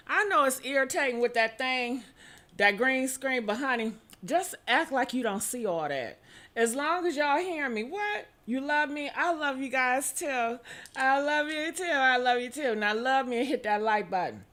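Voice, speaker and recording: A high-pitched woman with a bright, sharp tone hosts a chatty gossip stream. She talks straight to her viewers and keeps calling them honey. She breaks into sudden whooping cries. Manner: exclamatory, calls out to viewers with "honey" and "okay?". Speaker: gossip show host. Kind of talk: casual livestream gossip chat.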